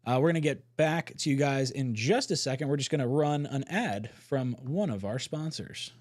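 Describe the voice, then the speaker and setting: A man's voice: medium pitch, normal speed, darkish tone. A man hosting a casual live stream, chatting with co-hosts and reading viewer comments aloud. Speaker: podcast host.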